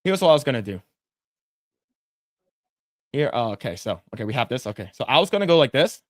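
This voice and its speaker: A man's voice: medium pitch, big pitch swings, a little fast, no echo. This is a man chatting on a podcast while he draws, talking loosely in a middle voice. He loops back over his own words and curses often. The sound is close and dry. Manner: rambling, repeats himself, swears a lot when annoyed. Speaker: podcast co-host. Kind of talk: casual chat while drawing on stream.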